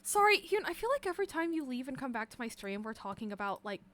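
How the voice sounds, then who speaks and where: High, lively, bright-voiced woman chatting. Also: quick pace, dry recording. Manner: giggly, rambling, lots of fillers. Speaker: streamer. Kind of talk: casual chat.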